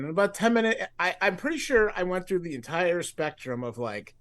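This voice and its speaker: A man's voice: on the high side, expressive, normal speed, fairly bright tone. A man on a podcast casually telling a rambling personal story, acting out his own past thoughts with lots of fillers. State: grieving. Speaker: podcast co-host.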